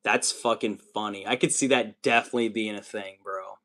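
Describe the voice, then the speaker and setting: A man's voice: fairly low pitch, fairly even intonation, brisk, sharp tone. A man hosting a livestream, chatting casually with viewers while building miniatures, rambling and swearing often. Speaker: livestream host.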